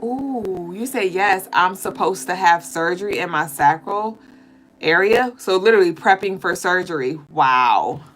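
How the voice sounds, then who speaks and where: A woman's voice: on the low side, moderate pace, fairly bright tone, poor audio. A woman hosting a casual livestream tarot reading, reading viewer comments aloud and answering them in a loose, chatty way with fillers and the odd swear word. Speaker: livestream spiritual reader and host. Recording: music bed under the voice. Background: music playing under the voice.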